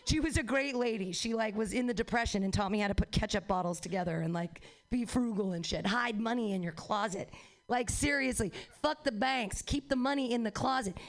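Young woman comic doing stand-up, kinda high voice, swears a lot, rambles and jokes on herself. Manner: rambling, profane, self-mocking, quick asides. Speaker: stand-up comedian. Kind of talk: stand-up comedy set.

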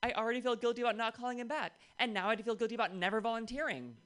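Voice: mid-range voice, racing, fairly bright tone. A comedian telling bawdy stories in a stand-up set on a club stage. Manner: bawdy, swooping delivery with big shifts.

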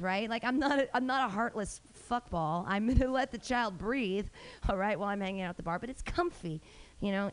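A woman's voice: medium pitch, gravelly. Brash, rambling woman doing stand-up. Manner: rambling, brash, self-mocking, with frequent fillers and restarts. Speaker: comedy host and stand-up comic. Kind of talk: stand-up comedy set. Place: small room at a live comedy show.

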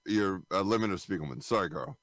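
A man's voice: low voice, fast talker, gravelly, fairly bright tone, no room sound. A man co-hosting a radio show, trading jokes and banter while watching a film with friends. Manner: joking, self-deprecating banter. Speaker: radio co-host.

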